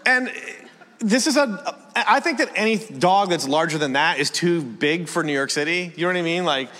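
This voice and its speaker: A man's voice: a little high, lively intonation, normal speed, pushed and bright. A man from a small town in Canada doing a stand-up comedy set, rambling and conversational, often asking the room questions. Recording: long hall reverb.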